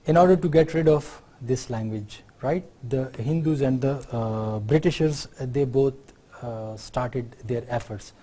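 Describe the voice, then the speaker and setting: A man's voice: medium pitch, a little slow, warm tone. A man from Pakistan with a Pakistani accent, giving a university lecture in an explanatory way and often checking in with the class through tag questions.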